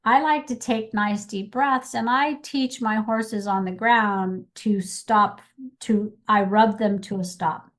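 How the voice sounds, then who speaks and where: A middle-aged woman co-hosting a podcast in casual chat, animated, acting out little quotes as she talks. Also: medium pitch, slow pace. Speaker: podcast co-host.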